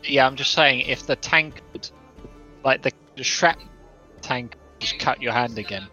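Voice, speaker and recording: Halting man player with a bright voice. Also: medium pitch, muffled recording, soft background music. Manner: halting, searching for words. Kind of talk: casual tabletop play.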